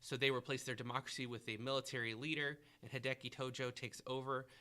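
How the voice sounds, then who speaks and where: A man's voice: medium pitch, level tone, fast talker, sharp tone. A man hosting a history review podcast, asking a student questions and encouraging the answers. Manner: questioning, encouraging, thinking aloud. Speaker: history teacher and podcast host.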